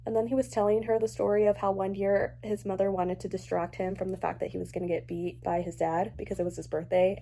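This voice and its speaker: Chatty young woman with a mellow voice. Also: on the low side, gravelly, slight background noise. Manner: chatty, animated, swings between gushing and ranting. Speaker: book vlogger. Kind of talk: casual reading reaction vlog.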